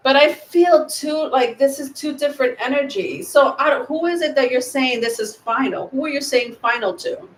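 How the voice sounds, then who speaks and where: A woman's voice: high voice, normal speed, few pauses, a little hiss or hum. Woman, tarot reader, rambling live reading, lots of ums, roomy echo. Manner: rambling, many ums, thinking aloud.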